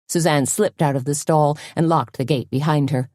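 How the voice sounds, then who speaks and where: Casting: woman audiobook narrator, deep and warm, steady measured delivery. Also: dry recording, clean studio sound. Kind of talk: scripted narration.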